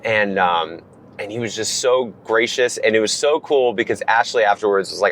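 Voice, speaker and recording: A man telling a story in casual conversation, animated and acting out what people said. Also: lowish voice, brisk. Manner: animated, acts out quoted dialogue. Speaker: reality TV guest.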